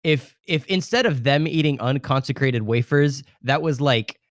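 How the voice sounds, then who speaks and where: A man's voice: mid-range voice, normal speed, no echo, studio quality. A man co-hosting a film podcast, talking casually and earnestly, making his point through restarts and asides. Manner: earnest, argumentative, full of restarts. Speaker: podcast co-host.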